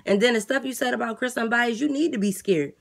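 Woman playing a flat, weary jail guard. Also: a little high, a little fast, creaky. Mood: scolding. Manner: flat, matter-of-fact, quietly teasing. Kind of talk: comedy skit character voice.

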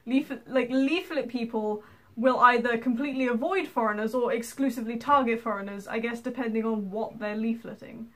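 A woman's voice: on the high side, fairly quick, a bit bright. A woman from England, telling stories in a casual vlog, rambling with many fillers and frequent laughter. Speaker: vlogger. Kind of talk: casual storytelling to camera.

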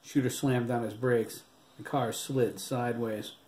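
A man's voice: medium pitch, steady tone, measured pace, a little mellow. Man narrating an audiobook in a roomy echo. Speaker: author reading his own novel. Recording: roomy echo, faint background hiss.

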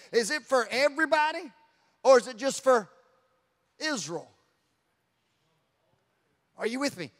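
A man preaches in a very high, ringing voice, drifting between hushed asides and shouted declarations. His sermon fills a church sanctuary, and the words trail off in a long echo. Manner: fervent preaching, swings from quiet asides to shouting. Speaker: pastor.

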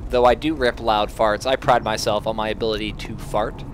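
A man's voice: lowish voice, fairly even intonation, a little fast, background noise. A young man hosting a gameplay video, giving playful, self-mocking commentary as he plays.

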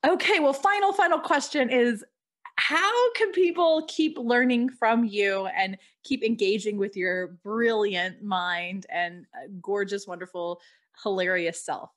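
A woman's voice: medium pitch, measured pace. A woman hosting a podcast interview, chatting casually and effusively with lots of fillers. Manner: effusive, talks with many "like" fillers. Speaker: podcast host.

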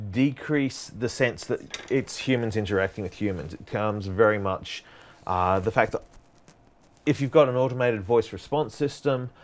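A man giving a prerecorded university lecture, explaining in a loose, conversational way that wanders from point to point. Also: mid-range voice.

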